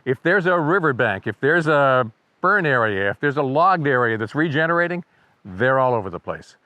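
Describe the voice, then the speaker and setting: This male birding guide speaks in a mid-range, sing-song voice at normal speed, pushed and bright, with no echo. His casual educational narration is chatty and wry, and he copies birdsongs with his voice.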